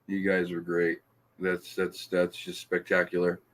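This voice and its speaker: A man's voice: low-pitched, monotone, unhurried. A man hosting a casual live stream, reading comments aloud, teasing and laughing often with stumbling restarts. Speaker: podcast host reading live chat.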